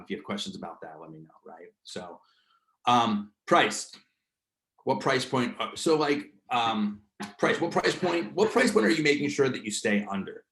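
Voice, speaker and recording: A man's voice: mid-range voice, reverberant. Casual slangy man with New Jersey accent. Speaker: host leading a real estate training session. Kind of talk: casual coaching talk.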